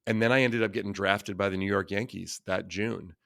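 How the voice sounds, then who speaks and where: A man around fifty from Northern California, a former baseball player telling lively, earnest stories as a podcast guest. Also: lowish voice, gravelly, no room sound, clean studio sound. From Northern California, USA. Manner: lively anecdotal storyteller, quick and earnest. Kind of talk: casual interview storytelling.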